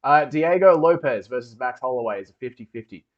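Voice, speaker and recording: Aussie bloke rambling through fight picks on stream, swears a lot, kinda dull lo-fi mic. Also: male voice, medium pitch, animated, fairly quick. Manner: rambling, swears, jokey banter with chat. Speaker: livestream host reading chat. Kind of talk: casual livestream chat.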